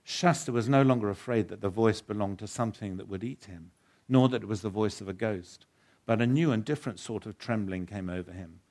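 A man, a pastor, giving a sermon that includes an earnest, measured reading of a story. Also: fairly low pitch, darkish tone. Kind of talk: sermon with a read-aloud story.

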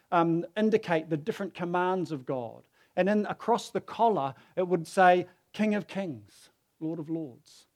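Storytelling male preacher, higher voice. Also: darkish tone. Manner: storytelling, acts out quoted voices. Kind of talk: sermon.

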